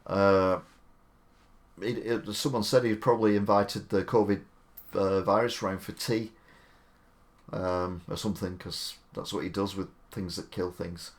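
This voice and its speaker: A man's voice: deep voice, fairly even intonation, measured pace. A man hosting a live stream, giving chatty, opinionated commentary with rambling asides.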